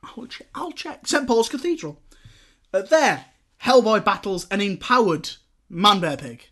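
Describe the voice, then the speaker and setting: A man's voice: high-pitched, lively intonation, a little slow, a bit bright. A man hosting a casual film review podcast, recapping the plot jokily and acting out lines from it.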